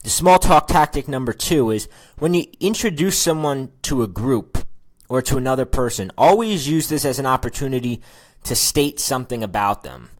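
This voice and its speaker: A man's voice: mid-range voice, lively intonation, normal speed. A man teaching a recorded course lesson on conversation skills, casual and chatty, acting out sample lines of small talk. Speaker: dating and conversation coach.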